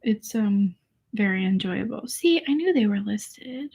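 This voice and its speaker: Her mid-range voice is animated, a little mellow and husky, and a bit slow. She's a young woman from England, without any English accent, selling online via livestream, chatting casually, laughing often, and replying to viewers' comments.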